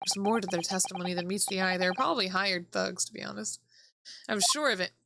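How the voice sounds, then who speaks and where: A woman's voice: medium pitch, quick pace, creaky, pushed and bright, no echo. A woman streamer casually commenting on a game, in a blunt, sweary, amused manner. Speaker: VTuber streamer. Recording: background music.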